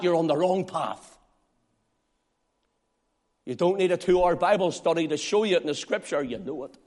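A man preaching a sermon, swinging between loud, pleading appeals and hushed, quiet asides. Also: fairly high pitch, normal speed, long pauses. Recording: long hall reverb.

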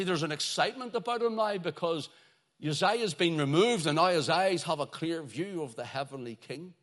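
A fairly high-pitched man delivering a sermon. He swings between ringing exclamations and phrases that fall almost to a murmur. He stretches out the words he wants his listeners to hold on to. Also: lively intonation. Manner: dramatic preaching that swings from loud exclamations to near-murmurs; drawn-out, emphatic delivery on key phrases. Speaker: preacher.

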